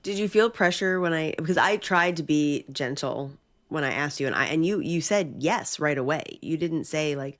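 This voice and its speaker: Animated, excitable middle-aged woman host. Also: sits low, a little fast. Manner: animated and excitable, reflective, many fillers. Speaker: podcast host. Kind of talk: casual conversation with her husband.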